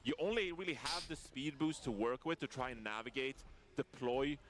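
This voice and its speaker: A man casting an esports match, explaining team strategy in a measured, analytical way. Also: mid-range voice. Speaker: esports caster.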